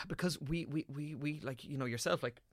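A man of twenty-seven, an actor chatting as a podcast guest and telling animated stories, swearing casually. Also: on the high side, normal speed, dry recording, clean studio sound.

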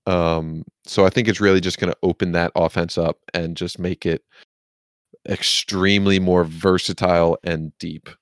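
A man's voice: deep voice, flat delivery, moderate pace, clear, resonant tone, dry recording. A man co-hosting a casual sports podcast, rambling and swearing casually, with a self-deprecating streak and the hiccups. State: has the hiccups. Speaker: podcast co-host.

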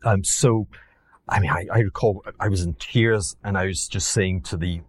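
A man's voice: deep voice, steady tone, moderate pace, a little hiss or hum. A Glaswegian man from Scotland, an investor guest telling stories in a casual interview, rambling with many repeats and restarts.

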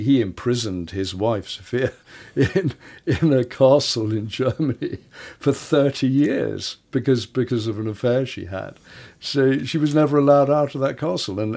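A man's voice: medium pitch, gravelly, darkish tone. A man telling history stories in a casual podcast conversation, often stumbling and restarting his phrases. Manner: stammering restarts, storytelling.

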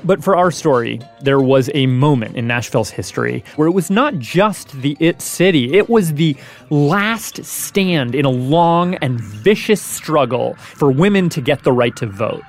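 A man hosting a podcast, narrating a story clearly. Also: on the high side, expressive, measured pace, soft background music.

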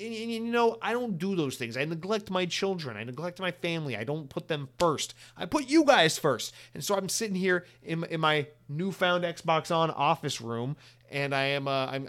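A man's voice: a little high, lively intonation, a little fast, a bit bright. A man hosting a solo gaming podcast from his home office, rambling and sarcastic, swearing freely as he mock-rants at listeners. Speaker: podcast host. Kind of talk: solo podcast news and outro rant.

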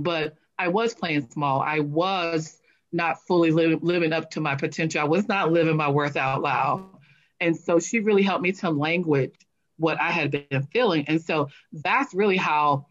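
A woman guest with a slightly low voice, telling her story with animated energy and playing out quoted lines. The sound is dull and lo-fi. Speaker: guest, speaker and coach. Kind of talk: casual interview storytelling.

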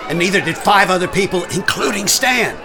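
A flustered small-town mayor, high and theatrical, his pitch leaping as a crowd clamors around him in an audio drama scene. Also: lively intonation, brisk, music in the background. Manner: theatrical, flustered, calls out loudly on the phone. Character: fussy excitable male small-town mayor.

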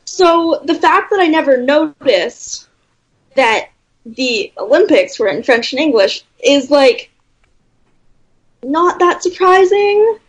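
A woman's voice: high voice, sing-song, slow, pauses often, poor audio. A young woman from Canada, co-hosting a casual chat in a rambling, chatty way and laughing often. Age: young adult.

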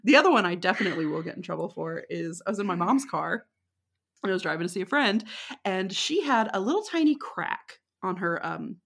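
A woman's voice: fairly low pitch, lively intonation, brisk, creaky, a bit bright, breathy edge. A woman from Texas with a Texan accent, a podcast guest telling stories in a casual, chatty way, laughing often and filling her talk with fillers. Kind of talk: casual storytelling.

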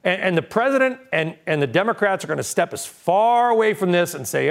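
A man anchors a cable news hour with a fairly high, bright-edged voice. His pitch swings widely as he moves briskly from one story to the next and hands off to his guests. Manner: brisk, animated anchor delivery. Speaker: news show host.

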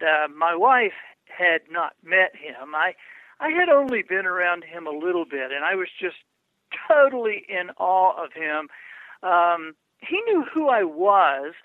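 Brief: high-pitched man, an animated storyteller guest with many restarts, on a thin phone line. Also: a little slow, no room sound. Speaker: guest, author and speaker. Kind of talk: storytelling interview answers. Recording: tinny phone line, dry.

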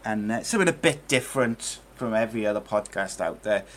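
A man's voice: on the low side, expressive, a little fast, fairly bright tone, a little hiss or hum. A man hosting a casual football podcast, talking in a loose, rambling way with lots of fillers. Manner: chatty, rambling, many fillers. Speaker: podcast host. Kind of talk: casual chat.

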